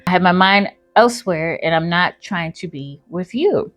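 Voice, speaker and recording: A woman's voice: fairly low pitch, lively intonation, moderate pace, a bit bright. Brief: a woman playing a no-nonsense young woman, firm and dismissive, everyday voice. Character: blunt, unimpressed young woman.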